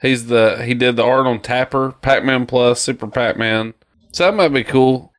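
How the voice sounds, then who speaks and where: A man in his thirties, co-hosting a podcast in casual, jokey chat that rambles. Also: moderate pace. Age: 30s. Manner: rambling and jokey, lively pitch. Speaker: podcast co-host.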